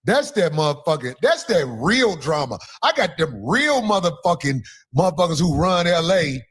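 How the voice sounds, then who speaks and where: A man giving heated casual commentary, ranting and mocking in a profane, animated way. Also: fairly high pitch, moderate pace, breathy edge.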